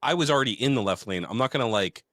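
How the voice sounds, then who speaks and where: A man's voice: medium pitch, animated, very fast, fairly bright tone, no room sound, studio quality. Blunt laid-back podcast guy. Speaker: podcast co-host. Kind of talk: casual chat.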